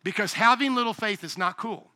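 Pastor guy preaching, high bright voice, gets loud and animated. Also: fairly quick. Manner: animated, shouting at peaks, acts out voices. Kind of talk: sermon. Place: church sanctuary.

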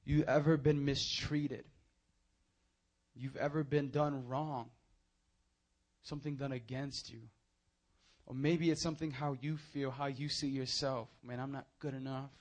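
A young man preaching a sermon, moving from hushed, earnest appeals to loud, animated storytelling. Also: mid-range voice, a little slow, pauses often.

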